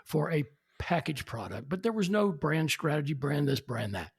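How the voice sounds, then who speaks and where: A man in his 70s with a fairly high, creaky, slightly rough voice tells anecdotes as a podcast guest at normal speed. He's animated and acts out the people he quotes.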